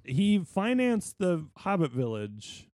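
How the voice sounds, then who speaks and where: A man's voice: high voice, sing-song, slow, a little mellow, no room sound, studio quality. A young man co-hosting a podcast in casual comedic chat, riffing on absurd bits. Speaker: podcast co-host.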